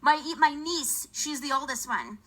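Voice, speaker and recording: A woman doing a stand-up comedy set on a church stage, chatty and rambling, jumping between loud bits and muttered asides. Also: sits high, measured pace, low-quality recording. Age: adult, not young.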